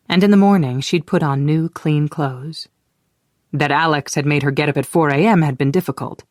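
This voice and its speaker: An audiobook narrator reading a romance novel at a steady, even pace, in a mid-range voice. The sound is close and dry, with no room at all. The telling stays measured and plain. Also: medium pitch, no echo.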